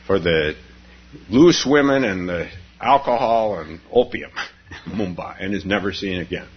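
A man's voice: low-pitched, expressive, measured pace, husky. A man teaching meditation on retreat, telling stories in a rambling way with frequent chuckles. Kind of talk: dharma talk on retreat. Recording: dull lo-fi recording.

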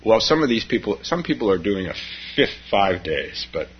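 A man leading a meditation retreat delivers a dharma talk full of meandering stories and frequent chuckles. His voice sits on the low side, with a breathy edge, and he is very animated while keeping a moderate pace. It comes through on a dull, lo-fi recording.

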